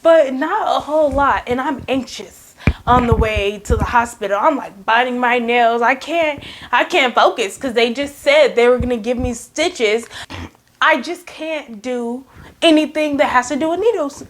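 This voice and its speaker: A high-voiced woman tells a story straight to the camera in a casual vlog. She hams it up, dramatizing her own panic and disbelief with lively, animated storytelling. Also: measured pace. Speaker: vlogger telling a story.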